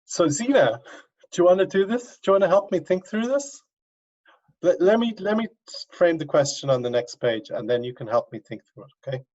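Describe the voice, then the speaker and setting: A man's voice: a little high, very animated, a little fast, darkish tone. Prof guy teaching online, patient step by step coaxing, muffled lo-fi call audio. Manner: coaxing, walks students through step by step. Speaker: university finance professor. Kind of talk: online class lecture. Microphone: video call. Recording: dull lo-fi video call audio.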